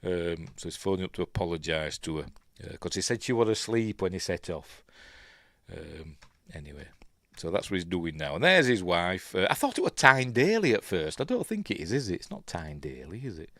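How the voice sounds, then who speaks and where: A Yorkshire man hosts a relaxed film review as he watches, talking in a loose, rambling way. He hesitates often and corrects himself mid-sentence. His voice sits fairly low and sounds dry and close, with no room echo. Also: a little fast. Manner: rambling, chatty, full of ums and self-corrections. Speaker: film reviewer, channel host. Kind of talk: casual watch-along film commentary.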